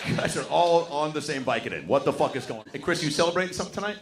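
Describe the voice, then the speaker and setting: A man's voice: fairly high pitch, lively intonation, rapid-fire. A male stand-up comedian doing crowd work, teasing and quizzing audience members with profanity.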